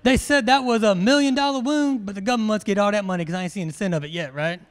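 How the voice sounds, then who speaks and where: A man, an instructor giving a humorous, animated briefing to a large class and quizzing the crowd. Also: high-pitched, quick pace, clean tone. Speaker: military education instructor.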